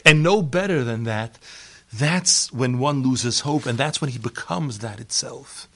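A man giving a sermon as a rabbi, swinging from loud emphatic peaks to quiet, low asides. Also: unhurried.

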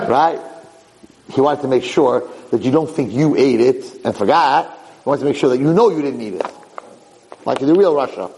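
A man's voice: mid-range voice, animated, normal speed, darkish tone, a little hiss or hum, low-quality recording. A man, a rabbi and teacher, giving a storytelling lecture, acting out dialogue with emphatic repetition.

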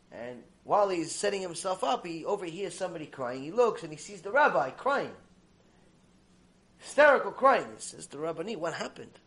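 A man giving a religious lecture, telling stories in an animated, emphatic way. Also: fairly high pitch. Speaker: religious teacher. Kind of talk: recorded Torah lecture with storytelling.

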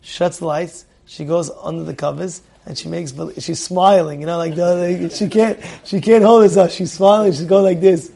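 A middle-aged man leads a Torah class with a high, lively voice. He repeats phrases for emphasis, peppers his talk with Hebrew terms and keeps asking his listeners whether they follow. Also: normal speed, gravelly, hardly any pauses, breathy edge. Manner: animated, repeats phrases for emphasis, asks the audience questions. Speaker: Torah teacher.

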